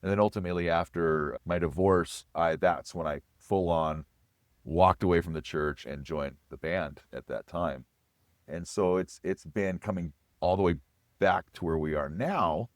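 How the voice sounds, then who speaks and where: Guest, male, 40s, low voice, reflective testimony, dry recording. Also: a little slow, no room sound. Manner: earnest, reflective storytelling with frequent restarts. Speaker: guest, chef. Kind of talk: personal testimony in an interview.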